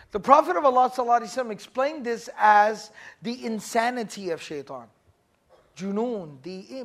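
A man's voice: sits high, a bit bright. A man giving an Islamic lesson to a group, speaking casually, asking questions and acting out stories. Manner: casual, asks the audience questions, acts out stories. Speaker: religious teacher. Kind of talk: Islamic lecture to a class.

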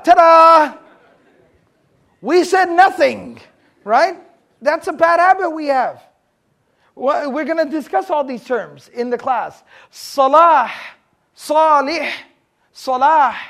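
Texan man, very high-pitched, lively lecturer, jokes and quizzes the class. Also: takes it slowly, long pauses. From Texas. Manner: lively, joking, quizzes the audience. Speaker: Islamic studies teacher.

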